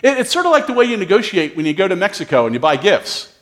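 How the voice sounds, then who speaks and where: A man preaching a storytelling sermon in a fairly high voice that climbs and dips constantly. He is a pastor who leans into each anecdote and acts out the dialogue between the characters. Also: sing-song, fast talker, a bit bright.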